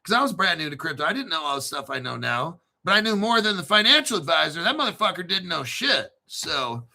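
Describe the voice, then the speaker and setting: A man with a gravelly voice chats casually with his audience. His talk is full of swearing and lively storytelling. His tone is sharp and bright and sits a little high for a man. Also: a little fast. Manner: profane, animated storytelling. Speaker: crypto channel host. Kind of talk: casual livestream chat.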